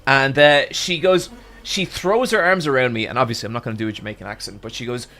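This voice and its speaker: A young man telling a long, animated story to his stream chat, swearing often and stumbling over restarts. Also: mid-range voice, fast talker. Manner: animated, swearing, with frequent restarts and "I'm like" quotes.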